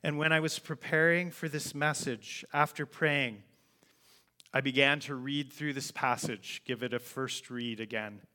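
A man's voice: mid-range voice, steady tone, bright, forceful tone. A man preaching a sermon, telling a personal story in an earnest, heartfelt way. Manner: earnest, heartfelt, slow and deliberate.

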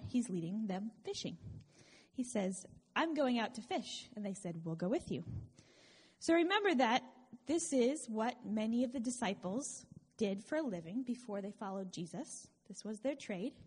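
In a slightly high, breathy voice, a woman delivers a sermon, keeping it earnest and conversational with a few small wry asides. A long reverb surrounds her, like the sound of a large hall.

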